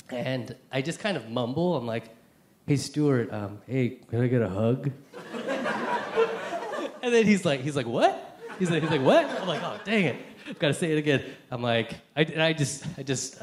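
Young man sharing a halting testimony. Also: medium pitch, slight background noise. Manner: halting, many fillers and restarts, laughs often. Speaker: church speaker sharing testimony. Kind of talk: personal testimony talk. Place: Seattle area.

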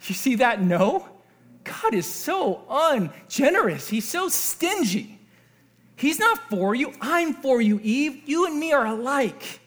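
A man's voice: extremely high pitch, big pitch swings, slow pace, a bit bright, exaggerated voice. A man voicing a sly serpent tempter who mocks with false friendliness. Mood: wheedling. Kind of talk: sermon.

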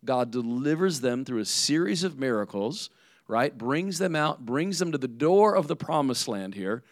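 A man's voice: medium pitch, animated, moderate pace, no room sound, studio quality. A man preaching a sermon as pastor in a conversational way, often checking in with "right?".

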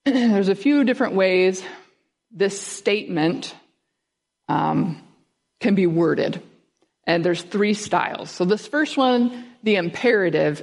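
A woman's voice: fairly low pitch, darkish tone. A woman giving a conversational sermon, teaching through a passage and asking her listeners questions. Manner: conversational, asks the audience questions. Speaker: guest speaker.

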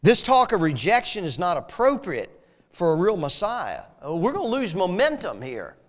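A preacher voicing the apostle Peter, who pleads, stammers and lectures in a patronizing way. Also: male voice, high voice, huge pitch swings, normal speed, long reverb tail. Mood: pleading, patronizing.

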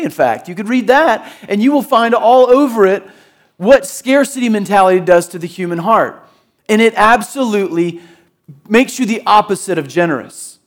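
A middle-aged man from the Jacksonville, Florida area, preaching a sermon in a conversational, storytelling way and acting out voices in his anecdotes. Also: sits high. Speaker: pastor.

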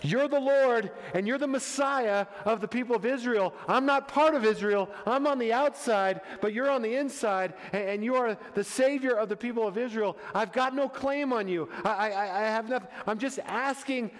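A man playing a desperate foreign mother who begs for mercy in halting, stammering pleas, in a hall with long reverb. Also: extremely high pitch, pitched above the performer's own voice. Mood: pleading.

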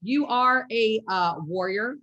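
Gushy woman podcast host, kinda high voice, muffled lo-fi audio. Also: slow, fairly bright tone. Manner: effusive, gushing praise. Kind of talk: casual podcast interview.

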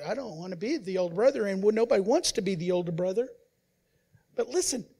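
A man preaching as a pastor, who swings between loud emphasis and quiet, hushed asides and acts out the voices he quotes. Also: very high-pitched. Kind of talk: sermon.

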